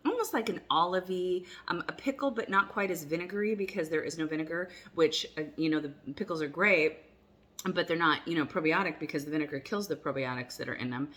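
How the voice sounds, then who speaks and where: A woman's voice: fairly low pitch, a bit bright. A woman vlogging a casual taste test at home, chatty and rambling, sometimes talking while she chews. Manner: chatty and rambling, many fillers and restarts; talks while chewing food at times. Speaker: cooking vlogger.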